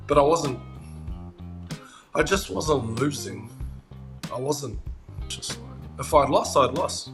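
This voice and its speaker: A man with a New Zealand accent tells his story in a relaxed interview. His pitch sits mid-range, and he slips into quoted voices as he goes. Clear music plays underneath. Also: measured pace, long pauses. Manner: lively retelling, acts out quoted exchanges. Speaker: interviewee, mixed martial arts fighter.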